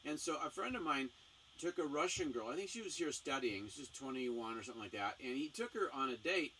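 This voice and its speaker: A man's voice: mid-range voice, a little fast. A man hosting a casual talk show, telling stories and acting out the voices in them. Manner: animated, acts out voices in anecdotes. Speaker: missionary speaker, show host. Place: small home studio. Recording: distant mic, faint background noise.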